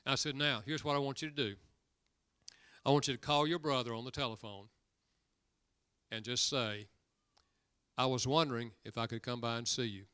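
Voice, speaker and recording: Bright-voiced older man preaching a story sermon. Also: medium pitch, steady tone, moderate pace, long pauses, clear, resonant tone, dry recording, studio quality. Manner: folksy storyteller, acts out dialogue with rising emphasis. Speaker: guest preacher.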